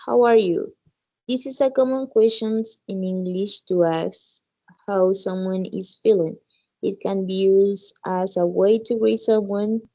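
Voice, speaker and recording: A female student reading a text aloud in an English class, carefully and deliberately, with small slips. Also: mid-range voice, mellow, low-quality recording.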